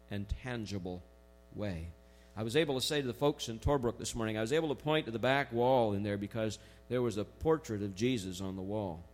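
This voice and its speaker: A man preaching a sermon in a conversational way, slowing down to stress key phrases. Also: mid-range voice. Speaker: pastor.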